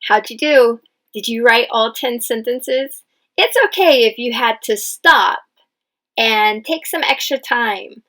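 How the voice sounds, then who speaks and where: A woman English teacher leading a dictation lesson, speaking patiently and spelling out each word clearly. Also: on the high side, slow pace, bright, forceful tone, poor audio. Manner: patient, enunciates each word, stresses key words. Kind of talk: slow, clear classroom dictation.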